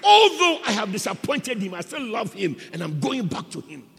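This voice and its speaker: A man's voice: high-pitched, big pitch swings, moderate pace, vocal fry, fairly bright tone, shouting, in a large hall, heavily acted. A man preaching, acting out a remorseful disciple who cries out how much he loves his master. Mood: fervent. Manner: fervent, crying out. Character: remorseful, devoted male disciple, grown man.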